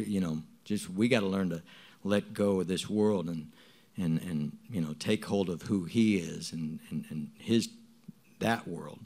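A middle-aged man giving a spoken testimony to a congregation, talking in a halting, earnest way with many restarts and repeated words. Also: low voice, a little mellow. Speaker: church member giving testimony.

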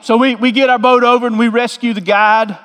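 A man's voice: very high voice, flat delivery, fairly quick, sharp tone, clear, resonant tone, long reverb tail. A man, a pastor telling a story in a folksy, joking sermon.

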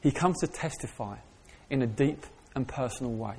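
A man's voice: medium pitch, normal speed, husky. Passionate man preaching. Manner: swings from soft reflective asides to raised passionate preaching. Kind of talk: sermon.

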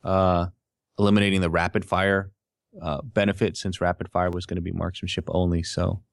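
A man hosting a casual gaming podcast, reading out listener questions in a relaxed, hesitant way. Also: low-pitched, brisk, gravelly, dry recording, studio quality. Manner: relaxed, hesitant, many fillers. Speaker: podcast host.

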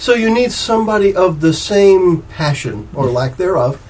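A high-voiced man runs a tabletop game as game master, rambling through restarts and laughing often. A faint hiss sits behind him. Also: big pitch swings, moderate pace, darkish tone, poor audio.

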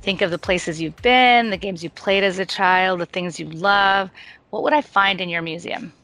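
A woman's voice: mid-range voice, moderate pace, a bit bright, dry recording, faint music behind. A woman hosting a conversational interview, asking open questions in an inviting way. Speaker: podcast host.

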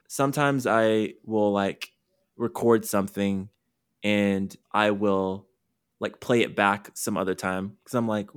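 A man's voice: on the low side, measured pace, clear, resonant tone. A man hosting a podcast interview, talking candidly in a rambling, self-interrupting way. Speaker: podcast host and career coach. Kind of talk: casual conversational interview.

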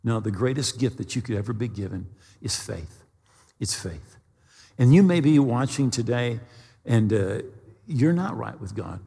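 A man preaching a sermon, telling a story with dramatic slowdowns and stammered restarts. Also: medium pitch, expressive, vocal fry, warm tone, breathy edge, in a large hall.

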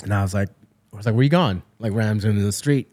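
A man and DJ chatting casually among friends, relaxed and full of fillers as he tells a story. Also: fairly low pitch, fast talker. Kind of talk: casual chat.

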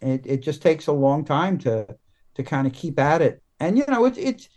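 Halting American man musing on writing. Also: fairly high pitch, very animated, a little mellow. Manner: halting, many restarts and fillers. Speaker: guest comics writer. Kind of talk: casual podcast interview.

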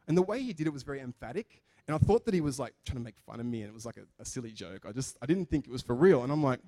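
A man's voice: fairly high pitch, fast. A man preaching a sermon in a chatty, joking way, acting out the people in his stories. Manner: animated, chatty, jokes and acts out quotes. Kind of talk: sermon with storytelling.

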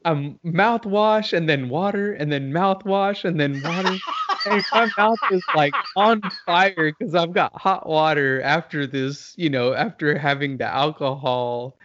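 Man telling a story with lively laughter. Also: on the high side, measured pace, hardly any pauses, muffled recording. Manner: animated, laughing, acts out shouted quotes. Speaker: podcast co-host. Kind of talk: casual storytelling chat.

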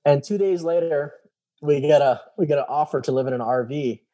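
A man's voice: fairly high pitch, fairly quick. A man telling a personal story in casual talk, acting out quoted dialogue with lots of fillers. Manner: animated, acts out quoted dialogue; many fillers and repeated "I was like". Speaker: guest telling his story.

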